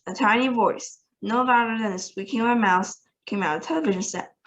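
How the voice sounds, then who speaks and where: A woman reading a children's novel aloud as the host of a reading channel, with lively and expressive narration. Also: a little high, fairly quick, hardly any pauses, low-quality recording. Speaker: storybook reader.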